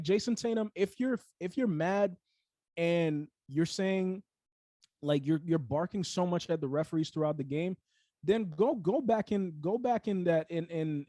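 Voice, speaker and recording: A young man with a slightly high voice, recorded close and dry, talks sports in a casual, heated way. He rants with plenty of fillers and restarts. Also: dry recording. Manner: animated, heated ranting with lots of fillers. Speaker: sports podcast co-host.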